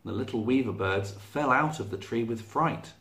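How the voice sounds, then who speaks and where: A man reading a children's picture book aloud as a storyteller, slow and expressive. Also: mid-range voice. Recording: echoey room.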